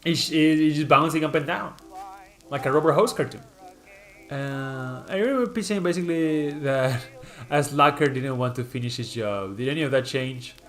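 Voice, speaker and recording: Showing off his channel's mascot, this streamer talks at a moderate pace in a fairly high, slightly bright voice, with soft music in the background. He reads out viewer comments and rambles loosely, restarting often and using lots of fillers.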